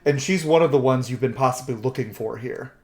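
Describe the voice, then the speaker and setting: A man running a tabletop game as game master over an online call, chatty and quick to laugh, often restarting his sentences as he narrates. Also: medium pitch, darkish tone. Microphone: online call microphone.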